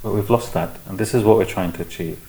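Low-voiced man teaching calmly. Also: quick pace, vocal fry, poor audio. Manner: calm, explanatory, repetitive phrasing. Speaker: spiritual teacher. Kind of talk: teaching discussion.

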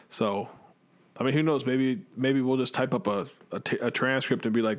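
A man hosting a podcast, rambling and joking in a relaxed way. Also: lowish voice, a little fast. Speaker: podcast host. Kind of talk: casual chat.

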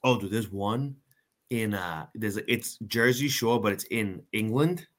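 A man's voice: fairly low pitch, measured pace. Swearing, joking man in loose chat. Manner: loose, joking, swears freely, trails off with fillers. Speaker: podcast co-host. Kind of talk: casual chat.

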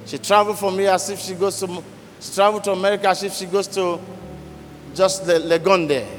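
A man preaching a sermon as a deliverance minister, telling a story dramatically and swinging from low murmurs to forceful cries. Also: fairly even intonation, a little fast. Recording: echoey hall with faint music.

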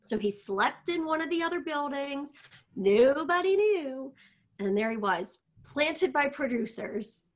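A young woman co-hosting a casual chat podcast, blunt and animated as she tells stories. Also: high voice, unhurried. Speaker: podcast co-host.

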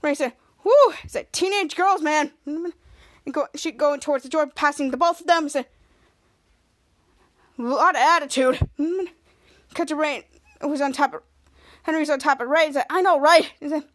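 Young female podcast host, high voice, casual TV recap, jumps into quoted lines with loud outbursts. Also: moderate pace, pauses often. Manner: acts out characters' lines with bursts of loud, high shouting.

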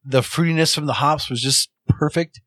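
A man's voice: on the high side, moderate pace, fairly bright tone, no echo. A man hosting a casual beer-tasting chat, talking with enthusiasm and rambling a little. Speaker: podcast host.

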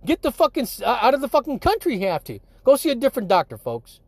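A man's voice: very high-pitched, huge pitch swings, fast, darkish tone, dry recording. A middle-aged man, a former radiology technician, talking in a profane, heated, rambling monologue full of restarts.

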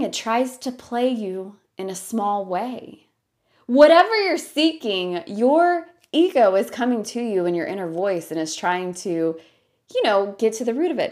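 A woman's voice: on the high side, a little mellow. Woman in her 30s doing a solo podcast, earnest, lots of likes and you knows. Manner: earnest, thinking aloud with many fillers. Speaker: podcast host. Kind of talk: reflective solo podcast talk.

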